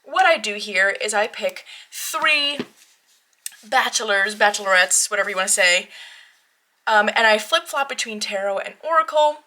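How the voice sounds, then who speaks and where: A woman's voice: medium pitch, animated, moderate pace, sharp tone. A young woman hosting a tarot vlog, chatting casually in a bubbly, giggly, rambling way that keeps interrupting itself. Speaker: tarot channel host.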